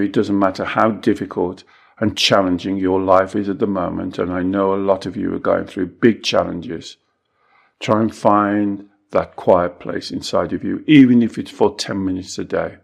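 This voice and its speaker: A middle-aged man teaching spiritual ideas in a calm, measured way, slowing down to stress key points. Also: low voice, gravelly. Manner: measured, reflective, slows down for emphasis. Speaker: Taoist teacher and coach.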